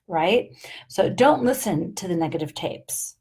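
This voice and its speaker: A woman's voice: on the low side, animated, measured pace, darkish tone, slightly rough. A middle-aged woman coaching viewers in a live motivational talk, upbeat and emphatic, checking in with "right?" and "okay?" as she goes. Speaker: life coach.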